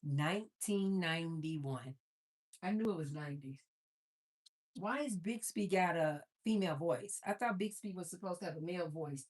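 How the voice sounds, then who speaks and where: A woman's voice: fairly low pitch, moderate pace, breathy edge. A woman hosting a casual cooking livestream, telling stories animatedly and talking to viewers. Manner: animated storyteller, talks to viewers as "you guys". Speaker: livestream host.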